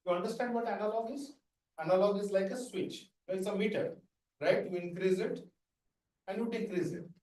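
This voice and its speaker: A high-voiced man lectures an NLP class, walking through ideas step by step and asking "right?" after each point. He sounds set back from the mic in a reverberant room. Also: moderate pace, darkish tone. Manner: explains step by step, asks "right?" often. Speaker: NLP trainer. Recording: echoey room, mic at a distance.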